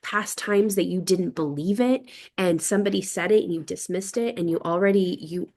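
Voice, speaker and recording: A woman's voice: fairly low pitch, moderate pace, a little mellow. A middle-aged woman in a casual group discussion, talking in long reflective runs and often checking in with the listener. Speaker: podcast guest.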